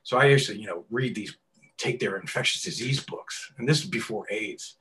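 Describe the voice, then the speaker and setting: A middle-aged man, a tattoo artist telling stories in an interview, swearing often and acting out quotes loudly. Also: on the low side, normal speed. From New York. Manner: animated, profane storyteller who acts out quotes loudly. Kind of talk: casual storytelling interview.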